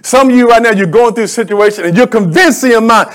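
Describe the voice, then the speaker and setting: High-voiced preaching pastor. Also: male voice, fairly quick, few pauses, a bit bright. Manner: call-and-response preaching, rising to emphatic declarations. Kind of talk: sermon.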